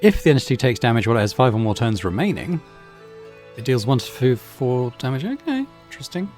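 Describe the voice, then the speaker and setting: A man's voice: mid-range voice, sing-song, fast, a little mellow. Laid-back man musing over a game. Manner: laid-back, musing, reads item text aloud. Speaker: gaming channel host. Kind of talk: casual let's play commentary. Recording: game audio with faint music.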